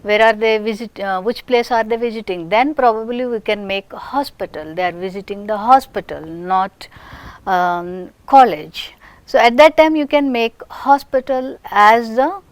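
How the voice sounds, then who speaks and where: A woman with an Indian English accent giving a recorded phonetics lecture, speaking slowly and deliberately and repeating example sentences with stress. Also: on the high side, clean tone, no room sound.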